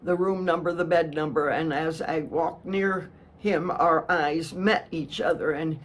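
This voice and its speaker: Slow-paced earnest woman preacher. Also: low-pitched, fairly even intonation. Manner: earnest, restarts words often. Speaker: missionary preacher. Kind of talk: sermon storytelling.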